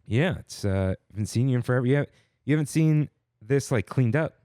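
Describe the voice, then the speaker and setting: In clean studio sound with no echo, a man co-hosting a podcast speaks fairly quickly in a medium-pitched voice, rambling in relaxed, casual chat full of filler words.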